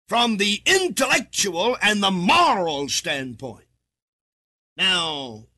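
A man preaching a sermon from the United States, reading scripture in a half-chanted way and rising to shouts for emphasis. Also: high voice, breathy edge.

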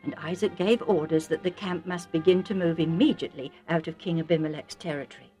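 A woman narrating a storybook for children, chatty and warm, with asides to the listener. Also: fairly low pitch, fairly even intonation, fast talker, husky, faint music behind.

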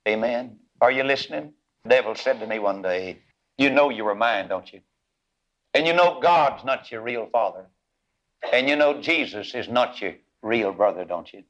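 A man's voice: medium pitch, fairly bright tone. A middle-aged man, preaching a sermon as folksy storytelling that swells into fervent, chanted passages.

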